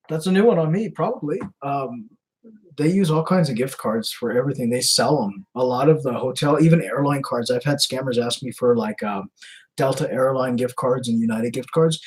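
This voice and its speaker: A man's voice: medium pitch, moderate pace, a little mellow, slightly rough, rough recording. A man hosting a casual live stream, reading messages aloud, chuckling and answering viewers as he goes. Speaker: livestream host baiting scammers.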